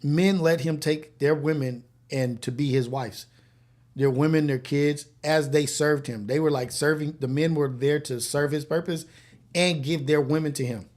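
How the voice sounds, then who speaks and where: A man's voice: on the high side, steady tone, normal speed, darkish tone. A man hosting a live morning show, talking in a loose, profane, casual way and laughing often. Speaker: host. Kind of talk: casual live-stream chat.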